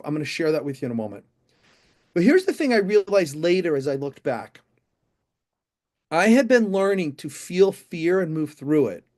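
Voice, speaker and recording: A middle-aged man, a motivational speaker, telling an animated story on stage and speaking straight to a live audience. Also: on the high side. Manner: animated, addresses the audience directly.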